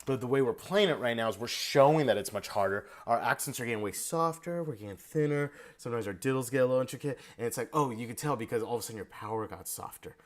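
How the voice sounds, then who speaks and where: A man's voice: medium pitch, quick pace, few pauses. A man giving casual feedback in an online percussion lesson, now and then singing the rhythms on syllables. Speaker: percussion instructor.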